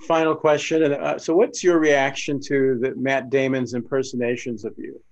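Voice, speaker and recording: A man's voice: medium pitch, level tone, moderate pace, dull audio. A male host moderating an interview with brief, slightly hesitant questions.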